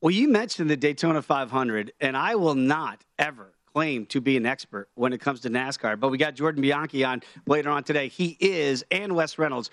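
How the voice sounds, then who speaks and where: A man's voice: medium pitch, brisk, few pauses, a bit bright, no echo. A man, a guest sports betting host, talking through his picks in a confident, chatty way.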